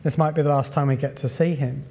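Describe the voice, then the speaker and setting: A middle-aged man preaching a sermon as pastor, relaxed and conversational, with many fillers and repeats. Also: medium pitch, fast talker, gravelly. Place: church hall. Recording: long reverb from a large hall.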